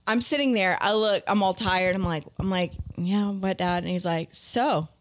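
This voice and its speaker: A woman's voice: mid-range voice, moderate pace. A young adult woman co-hosting a podcast, telling a long story in casual chat and quoting others as she goes. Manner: animated storyteller, quotes her dad. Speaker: podcast co-host.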